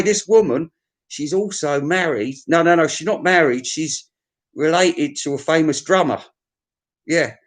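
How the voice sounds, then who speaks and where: A man hosting a vinyl collector's live stream, ranting sarcastically and swearing as he talks to his chat. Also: a little high. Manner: profane, sarcastic, mocking rant. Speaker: vinyl collector channel host.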